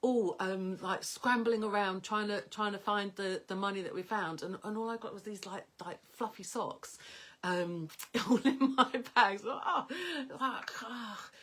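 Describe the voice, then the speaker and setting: A woman's voice: medium pitch, measured pace. Chatty woman with lots of fillers. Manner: rambling, animated, many fillers, dreamy soft whispers in places. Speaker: personal development coach. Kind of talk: casual storytelling to camera.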